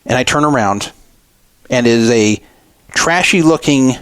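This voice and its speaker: A man's voice: medium pitch, measured pace, a bit bright, clean tone, no echo. A middle-aged man hosting a radio show, recounting a frustrating store encounter in an aggrieved storytelling monologue. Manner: aggrieved, re-enacting arguments.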